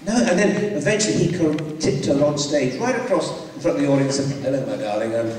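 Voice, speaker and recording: A man, an actor on a convention panel, telling a theatre story in a lively way and acting out the voices. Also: a little high, brisk, slight background noise. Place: large convention hall. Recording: echoey hall recorded from far off.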